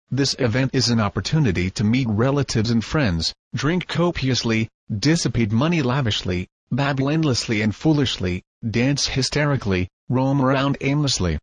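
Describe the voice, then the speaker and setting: Husky guy reading an audiobook, dry close mic, measured and formal. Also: medium pitch, no room sound. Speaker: audiobook narrator. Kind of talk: scripted narration.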